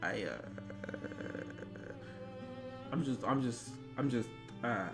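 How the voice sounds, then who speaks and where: A man's voice: mid-range voice, a bit bright, soft background music, pitched below the performer's own voice. A man voicing a drunk older man who stammers and rambles. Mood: mumbling. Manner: halting, stammering.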